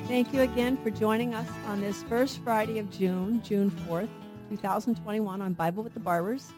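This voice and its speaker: A woman's voice: medium pitch, steady tone, normal speed, over music. A woman co-hosting a radio Bible program, teaching earnestly and emphatically and asking rhetorical questions in a studio.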